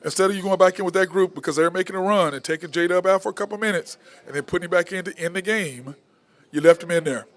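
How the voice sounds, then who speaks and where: A man's voice: high-pitched, fast. A man hosting a sports talk show, ranting bluntly and repeating his points. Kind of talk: opinionated sports talk monologue.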